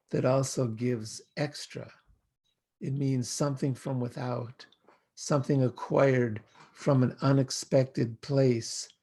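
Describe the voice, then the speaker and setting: Older American man, rabbi, slow meditative sermon, gravelly low-energy delivery. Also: dark tone. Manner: slow, measured, poetic phrasing. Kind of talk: reflective spoken sermon.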